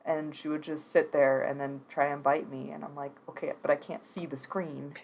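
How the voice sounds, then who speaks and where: A woman's voice: sits low, flat delivery, moderate pace, creaky, a little mellow. A woman with a Wisconsin accent, hosting a stream and chatting casually with a friend, laughing often. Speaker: stream host. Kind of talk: casual chat on a livestream.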